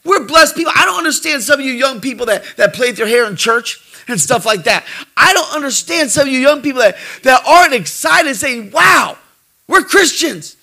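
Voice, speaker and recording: A middle-aged pastor delivers a folksy sermon, cracking jokes and repeating himself as he moves between hushed asides and shouted praise. His voice is very high-pitched and expressive, and he talks fairly quickly.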